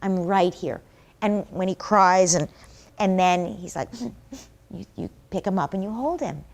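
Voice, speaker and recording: A woman's voice: medium pitch, measured pace, creaky. A woman, a parenting expert, answering an interview question earnestly, explaining with examples and acting out little dialogues with a child.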